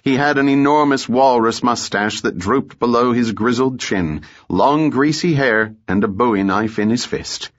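A man narrating a story in a measured, even way, in a muffled audiobook recording. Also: medium pitch. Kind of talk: scripted narration.

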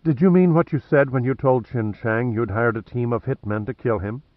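A man's voice: medium pitch, normal speed, dry recording, phone-quality sound, natural voice. A man reading an audiobook voices a sultry, dry-witted female government agent, cool and teasing.

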